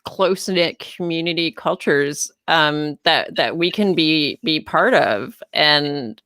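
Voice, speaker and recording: Woman guest, lowish voice, dry close mic, laughs easy and talks real candid. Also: slow pace, a bit bright, dry recording. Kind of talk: casual chat.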